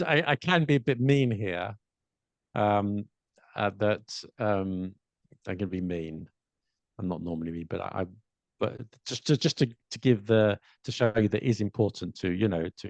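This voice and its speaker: A man's voice: on the low side, gravelly, no room sound, muffled recording. A man from London with a London accent, co-hosting a podcast about learning English in casual, hesitant chat. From London, England. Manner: hesitant, repeats words, explains slowly. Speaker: podcast co-host, English teacher.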